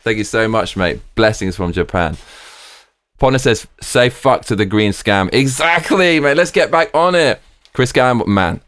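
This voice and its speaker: A man hosting a live stream, excitedly reading viewer comments aloud and swearing freely. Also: mid-range voice, measured pace, clear, resonant tone, dry recording.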